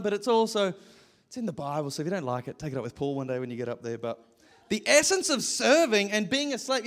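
High-voiced pastor preaching. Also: male voice, fairly bright tone. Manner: self-deprecating storytelling, laughs often. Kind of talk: sermon.

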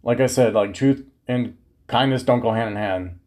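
Podcast host, male, 30s, mid-pitched, loose profane storyteller. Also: moderate pace. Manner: profane, animated, slangy storytelling. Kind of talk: casual storytelling monologue.

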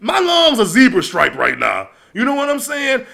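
Man, casual comedic monologue, high voice, gravelly fry, bright tense tone, loud and profane. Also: normal speed. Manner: animated, profane, loud storytelling with frequent laughs.

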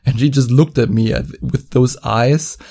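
A man's voice: mid-range voice, normal speed, warm tone, slightly rough. A man working as a dating coach, telling a story to camera in a mocking, profane way and stretching out words for emphasis.

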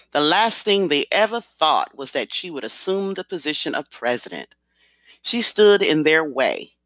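Bright, lively audiobook narrator. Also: mid-range voice, no echo. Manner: expressive storytelling. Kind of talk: scripted narration.

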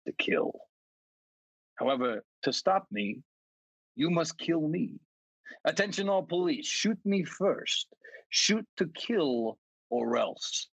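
A man reading a letter aloud while voicing a menacing, unhinged male killer who taunts police, slow and drawn out with sudden shouts. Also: medium pitch, breathy edge, no room sound. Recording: slightly dull, dry recording.

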